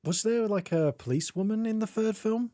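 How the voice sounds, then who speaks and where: A man's voice: high voice, brisk, mellow, no echo, studio quality. A man streaming, chatting casually, joking and laughing often. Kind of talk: casual chat.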